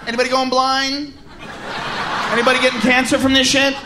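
A male stand-up comedian performing a loud, animated set, shouting punchlines and acting out bits. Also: extremely high pitch, brisk, crowd noise, noisy background.

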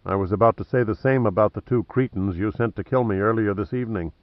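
A man reading an audiobook plays a wry, cocky male adventurer who stays cool under threat, mocking and deliberate. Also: on the low side, no echo, dull audio, natural voice.

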